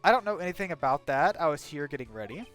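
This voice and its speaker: A man puts on a cranky, nosy old woman who scolds everyone in a shrill, bossy voice, swinging wildly up and down in pitch. Faint music plays behind. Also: very animated, fast, fairly bright tone. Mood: haughty.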